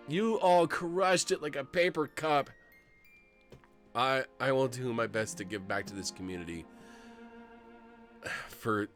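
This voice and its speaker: A man streaming a game live, shouting excited thanks and then turning tearful and emotional. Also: low voice. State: close to tears. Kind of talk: live-streamed gameplay commentary.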